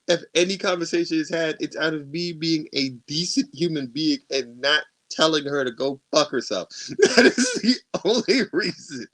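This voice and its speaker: A man's voice: on the high side, animated, moderate pace, a bit bright. A man co-hosting a podcast, telling a story in casual chat with lots of profanity and laughter. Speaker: podcast co-host.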